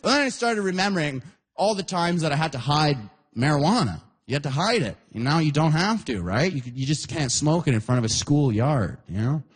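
Animated stand-up comic, higher-pitched man. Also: fairly quick, breathy edge. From Canada. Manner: animated storytelling, voices quoted characters at a high shout. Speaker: stand-up comedian. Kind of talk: stand-up comedy set.

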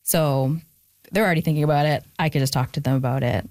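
A woman's voice: deep voice, quick pace, a little mellow, no room sound, studio quality. A young adult woman, an author, talking candidly and reflectively about her family in an interview. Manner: reflective, candid, gets emotional and laughs it off. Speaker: author guest. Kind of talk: personal interview conversation.

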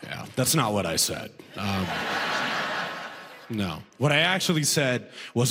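A man telling a stand-up comedy story, animated and chuckling at his own jokes. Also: moderate pace. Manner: animated, swings from high to low for punchlines.

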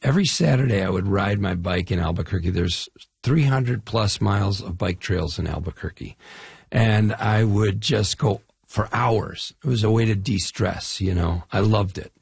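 Gravelly, husky-voiced man telling stories. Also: lowish voice, moderate pace, no echo. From Chicago area, US Midwest. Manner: animated storyteller, lists and restarts. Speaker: actor guest. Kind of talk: casual interview talk.

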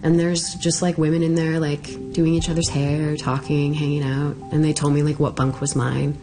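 A middle-aged woman telling a personal story in a casual, halting way with many fillers. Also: low voice, flat delivery, music in the background. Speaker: interviewee.

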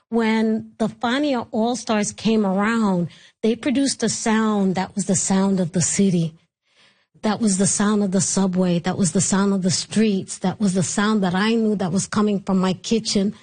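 A middle-aged woman with a New York accent, a podcast host telling lively stories in casual chat and acting out voices as she goes. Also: mid-range voice. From New York City. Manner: animated storyteller acting out voices.

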